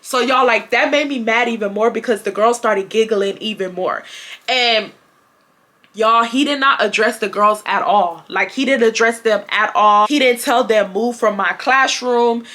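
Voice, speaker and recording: A young woman telling a personal story to her viewers in a casual, animated, slangy and profane way. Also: fairly high pitch, moderate pace. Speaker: storytime YouTuber.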